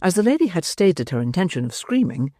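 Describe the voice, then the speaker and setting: An audiobook narrator reading a classic novel in a measured, expressive storytelling manner. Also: medium pitch, dry recording. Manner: measured, expressive storytelling with dry wry emphasis.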